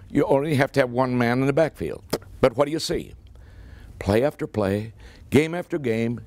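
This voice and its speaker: A man's voice: medium pitch, a little mellow, dry recording. An older American man giving a humorous after-dinner speech, telling a football story in a folksy, punchy way and acting out the dialogue. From United States. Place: club meeting hall.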